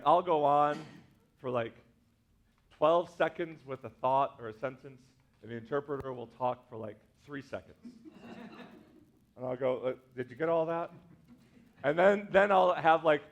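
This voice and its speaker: A man, a pastor, giving a casual teaching talk to a congregation, full of "like" and "right?" asides. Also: fairly high pitch. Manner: chatty, many fillers like "like" and "right?".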